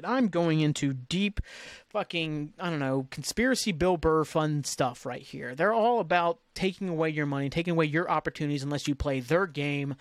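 A man's voice: fairly high pitch, no room sound. A man hosting a casual podcast, ranting in a frustrated, profane, rambling way. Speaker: podcast host. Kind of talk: casual solo podcast rant.

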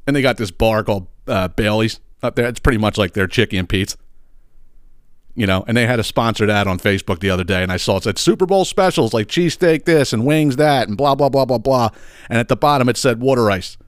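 A man, hosting a podcast in a casual ranting monologue, animated and swearing, his pitch jumping up when he gets worked up. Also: fairly quick, dry recording, studio quality. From Philadelphia area. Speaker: podcast host. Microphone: side-address studio microphone.

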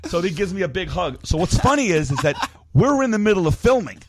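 A man telling stories on a radio show in casual chat, lively and acting out the voices of others. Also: high voice, a little fast, no room sound. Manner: animated storyteller, acts out voices. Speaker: reality TV show guest.

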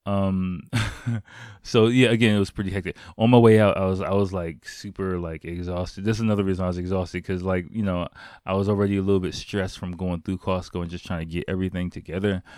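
A man's voice: low voice, steady tone, fairly quick, darkish tone, dry recording, clean studio sound. A man in a casual vlog monologue, rambling and profane, full of fillers, living in Japan. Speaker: vlogger. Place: home in Japan.

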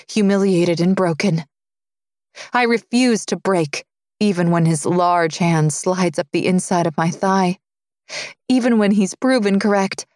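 A woman reads a first-person romance audiobook in a low-pitched, intimate voice. The recording is dry and close, with no room sound. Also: no room sound. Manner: low, intimate reading, dropping softer for his lines. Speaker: audiobook narrator.

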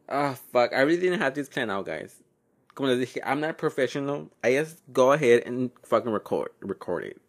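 Young guy rambling on his home podcast, gravelly voice, swoopy pitch, swears a lot, drops spanish words. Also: very animated, fairly quick. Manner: rambling, profane, laughs often, mixes in Spanish words. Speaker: podcast host. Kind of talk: casual solo podcast chat.

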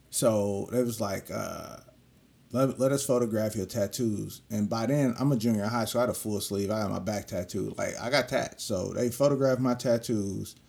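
Low gravelly man telling a street story. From California. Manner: animated, profane street slang, acts out quoted voices. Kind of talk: casual storytelling monologue.

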